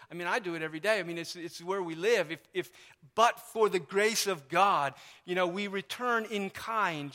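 A man's voice: sits high, moderate pace, pushed and bright. A man preaching a sermon as pastor in a church, in an emphatic, conversational way with lots of repetition. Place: church sanctuary. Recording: long reverb of a church hall.

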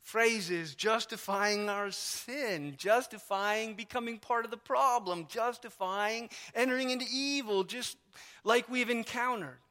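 A pastor preaches a sermon in a church sanctuary, his high-pitched voice unhurried, pushed and bright. He's emphatic and conversational with lots of repetition, and the long reverb of the church hall carries his words.

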